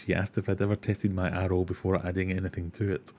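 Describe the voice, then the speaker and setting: Guy, low voice, chill rambly livestream chat reading out comments. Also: a little hiss or hum. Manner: relaxed, rambling, reads chat comments aloud, joking. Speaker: aquarium livestream host.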